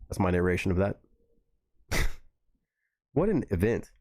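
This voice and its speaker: A man's voice: low-pitched, sing-song, unhurried, pauses often, a little mellow. A young man streaming live, reacting to clips and cracking crude, slangy jokes. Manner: crude, joking, slangy banter.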